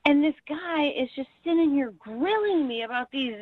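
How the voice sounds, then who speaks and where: Woman caller, indignant and defensive, slightly high voice, dull phone line. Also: lively intonation, normal speed, dry recording. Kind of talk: phone-in radio chat.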